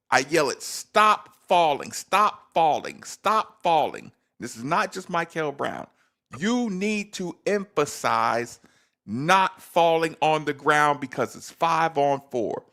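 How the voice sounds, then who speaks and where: A man's voice: a little high, a bit bright. A man hosting a casual sports talk show, emphatic and repeating words for stress.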